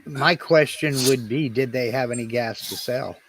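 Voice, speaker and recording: A man's voice: mid-range voice, moderate pace, crowd noise. A man chatting casually as a guest on a live stream, wry and talkative. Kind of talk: casual chat.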